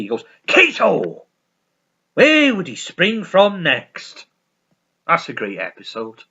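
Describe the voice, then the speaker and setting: A man's voice: mid-range voice, a bit bright, muffled recording. A man hosting his own video, chatting casually and enthusiastically about a favourite comedy, repeating himself and swearing freely. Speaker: video host.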